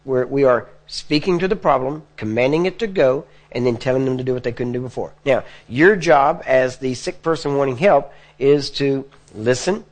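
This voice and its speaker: A man's voice: medium pitch, normal speed, few pauses. A man preaching to a live audience, teaching step by step in a plain conversational way and often checking in with his listeners. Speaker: preacher teaching healing prayer. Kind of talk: sermon. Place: church or meeting hall before a live audience.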